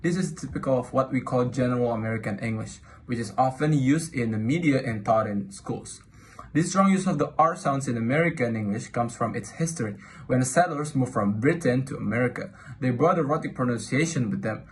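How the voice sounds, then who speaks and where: A young man student reads his section of a class presentation at a measured pace. His voice is mid-pitched, and faint ambient noise sits behind it. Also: rough recording. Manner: measured scripted reading.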